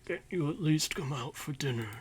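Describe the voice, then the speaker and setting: A man voicing a self-important middle-aged eldest son who pleads in a low, soft voice while reading a visual novel aloud. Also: normal speed, breathy edge. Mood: pleading.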